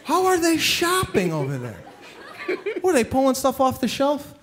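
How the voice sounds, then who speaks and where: A man's voice: very high-pitched, normal speed, some chatter behind. A man doing a stand-up comedy routine, telling exasperated stories and acting out the people in them. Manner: exasperated, animated storytelling with acted-out impressions. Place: stage before a live audience.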